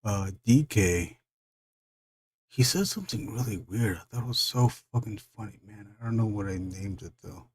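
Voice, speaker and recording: Brief: man, live stream host, low mellow voice, loose rambling chat full of fillers and laughter, dry close sound. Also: animated, normal speed, breathy edge, no echo.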